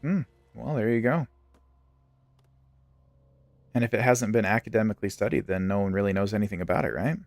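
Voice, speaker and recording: A man's voice: lowish voice, a little fast, long pauses, dry recording, soft background music. A young man streaming a game, chatting and joking while telling stories. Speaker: gaming streamer. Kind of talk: casual chat while playing a game.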